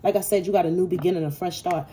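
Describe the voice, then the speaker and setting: A woman's voice: fairly low pitch, fairly even intonation, very fast, warm tone, a little hiss or hum. A woman giving a casual tarot reading to her viewers, talking bluntly and swearing freely. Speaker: tarot reader.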